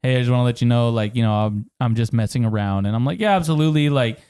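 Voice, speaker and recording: Speaking quickly with a smooth, medium-pitched voice, this podcast co-host relays funny stories in a casual back-and-forth. He's animated, laughs plenty, and swears often.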